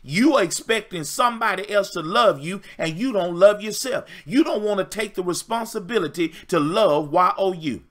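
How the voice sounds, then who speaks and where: A man's voice: sits high, animated, moderate pace, hardly any pauses, fairly bright tone. A man giving a livestream dating-coach talk, preacher-like, emphatic and repetitive with call and response.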